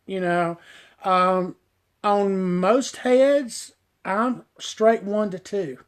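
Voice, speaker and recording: Speaking very slowly and smoothly, a middle-aged hairstylist runs a live show and chats with his y'all-addressed viewers in a casual, folksy way. He interrupts himself to sweet-talk his dog in a high, sing-song voice.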